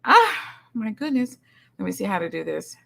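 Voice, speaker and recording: A middle-aged woman hosting a livestream in casual chat, effusively greeting each viewer with loud, high greetings and calling people honey and sugar. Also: expressive, fairly quick, vocal fry. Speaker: livestream host. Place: son's home streaming setup.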